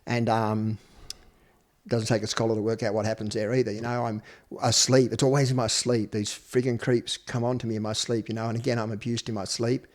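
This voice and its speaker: A man's voice: fairly low pitch, level tone, brisk. Australian man, 50s, interview guest, blunt, swears freely, casual storytelling. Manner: blunt, profane, conversational. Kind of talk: candid personal storytelling.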